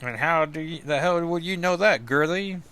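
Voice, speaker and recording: A cocky crime boss, as a man reads him aloud, who taunts and threatens in a raised, edgy voice. The delivery is sharp and defiant. It sounds like a casual read-aloud of comic dialogue. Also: a little high, moderate pace, pitched above the performer's own voice. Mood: taunting. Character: brash, mocking male crime boss.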